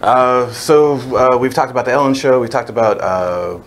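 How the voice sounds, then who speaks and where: A man hosting a radio show, asking casual questions in a relaxed way with many fillers. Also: medium pitch, moderate pace, a little hiss or hum.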